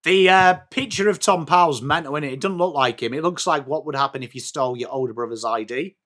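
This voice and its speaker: English guy doing a live footy watchalong stream, highish bright voice, calls the play then chats w viewers. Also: fast talker. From England. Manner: switches between play-by-play calls and chatty replies to viewers. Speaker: livestream host. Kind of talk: live watch-along commentary.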